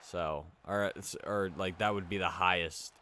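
Man, deep voice, let's play commentary, casual and rambling, quick game reactions. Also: steady tone, bright, forceful tone, a little hiss or hum.

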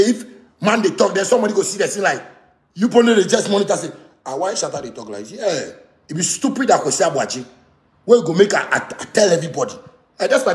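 A man with a Ghanaian Pidgin English accent delivering a heated, repetitive rant that swings from shouting to muttering. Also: high voice, roomy sound. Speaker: musician ranting to camera. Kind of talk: angry rant.

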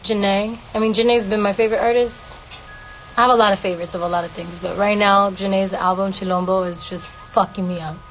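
A woman's voice: mid-range voice, fairly even intonation, brisk, fairly bright tone, faint music behind, rough recording. A woman singer casually answering fan questions on a livestream from home, playful and swearing freely. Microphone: phone.

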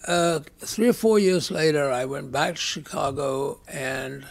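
A man's voice: fairly high pitch, measured pace, gravelly. A man in his eighties with an English accent, telling wry anecdotes as a podcast guest and acting out the lines of people in his stories. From England. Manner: anecdotal, wry, with dramatized quotes. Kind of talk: storytelling in a conversation.

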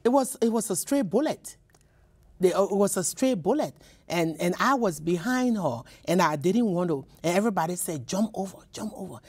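A woman's voice: lowish voice, expressive, moderate pace, a little mellow, slightly rough. A woman from Liberia, a poet and professor, telling personal stories in a radio interview, with many repeats and restarts. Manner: emotional, repeats words, restarts often.

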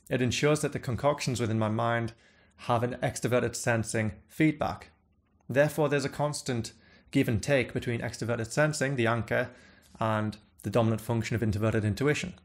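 Male guest expert, formal, jargon-heavy explainer, mid-range voice. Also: mid-range voice. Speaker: guest theorist. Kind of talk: explanatory monologue.

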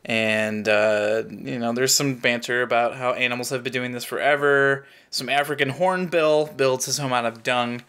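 A man's voice: medium pitch, steady tone, normal speed, few pauses, a bit bright, clean tone. A man co-hosting a casual podcast in an upbeat way, reading out episode facts and laughing often. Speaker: podcast co-host.

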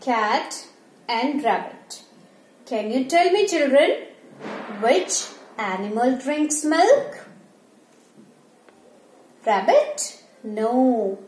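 A woman's voice: sits high, lively intonation, very slow, long pauses, darkish tone. A woman teacher going over animals with young children, asking questions, answering them herself and imitating animal sounds. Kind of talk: slow classroom revision for young children. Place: school classroom. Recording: echoey room with faint ambient noise.

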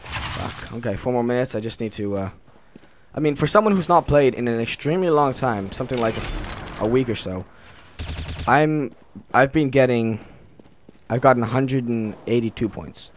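A man giving live gameplay commentary, reacting out loud and swearing a lot as he plays. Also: medium pitch, normal speed, slight background noise. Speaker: gaming channel host. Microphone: desk mic on a stand. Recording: loud gunfire under the voice. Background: shooter game gunfire.

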